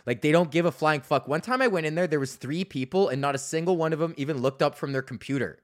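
Man in his thirties, somewhat high voice, podcast host, rambling profane rant. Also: fast. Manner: swears constantly, rambling and mocking.

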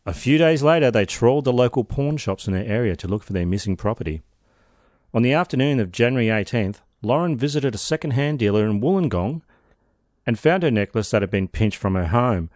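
A man's voice: medium pitch, lively intonation, a little fast, a little mellow, no echo. A man leading a true crime podcast, his voice rising and falling a lot as he tells the case. He drops dry, sardonic jokes between the grim facts. The sound is close and dry, with no room around it. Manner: wry, sardonic asides in a narrated case. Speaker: podcast host.

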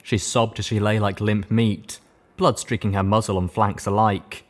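Low-voiced man narrating an audiobook. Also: little pitch movement, normal speed.

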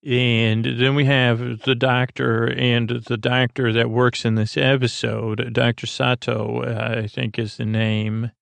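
Gravelly, rambling man retelling a story. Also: medium pitch, little pitch movement, slow pace, hardly any pauses, fairly bright tone, no echo. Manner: meandering, full of "uh" and "like". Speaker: podcast host.

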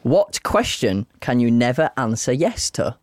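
Teasing podcast man, lively pitch. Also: no room sound, studio quality. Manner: teasing, drawn-out riddle reading. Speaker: podcast co-host. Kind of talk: casual chat.

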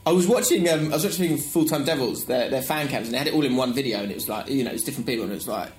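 A man with a Cockney accent co-hosting a football podcast in casual chat, animated and laughing often. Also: mid-range voice, racing. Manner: animated, laughs often, does mocking voices in anecdotes. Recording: echoey room, faint background noise.

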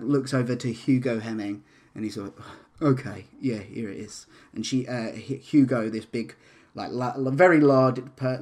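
Man narrating as game master. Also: mid-range voice. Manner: rambling, hesitant narration with frequent fillers.

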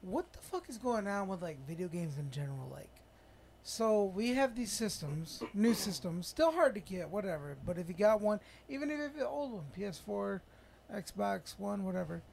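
A man in casual podcast chat, an animated storyteller who swears freely and rambles. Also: high-pitched, moderate pace, vocal fry, slight background noise.

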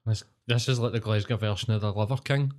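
A man's voice: lowish voice, quick pace. A man with a Glaswegian accent, co-hosting a podcast and telling sweary, rambling anecdotes in casual chat. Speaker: podcast co-host.

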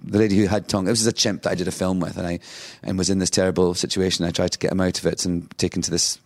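Scottish man telling lively anecdotes. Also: low voice, racing. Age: 50s. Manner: lively storyteller who acts out quotes, laughing often. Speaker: talk show guest. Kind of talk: casual anecdotal chat.

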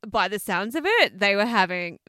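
A woman co-hosting a podcast, chatting casually and telling stories with excitement, laughing often. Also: mid-range voice, moderate pace, dry recording. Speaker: podcast co-host. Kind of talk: casual chat.

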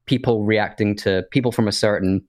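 A man with a fairly low voice talks in a loose, rambling way, restarting his sentences as he thinks aloud. He is co-hosting a casual podcast. The sound is dry and close, with no room around it. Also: fairly even intonation, a little fast, dry recording. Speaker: podcast co-host. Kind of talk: casual chat.

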